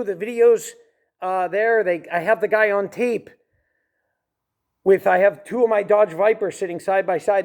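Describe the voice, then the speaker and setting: A man's voice: on the high side, darkish tone. A man speaking in a personal vlog monologue from a large warehouse, frustrated and growing insistent. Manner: frustrated, rising and insistent when aggrieved. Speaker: vlogger telling his own story.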